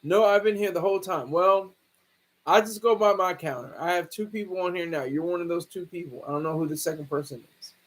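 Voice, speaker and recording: High-voiced man rambling on a livestream. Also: a bit bright, rough recording. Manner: rambling, halting, many restarts. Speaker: livestream host. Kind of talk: casual livestream commentary.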